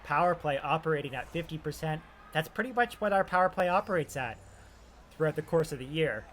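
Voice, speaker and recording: A young man calls hockey action from his own video game, with a bright, slightly high voice that rises sharply when a shot goes in. Between plays he drops into relaxed, chatty asides. A faint hiss of noise sits behind him. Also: a little fast. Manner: excited and loud on shots and scoring chances, calmer asides between plays. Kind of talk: play-by-play commentary.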